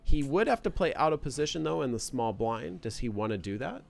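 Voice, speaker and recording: A man's voice: medium pitch, animated, brisk, gravelly. A man doing live play-by-play commentary at a poker table, with joking, teasing banter between hands.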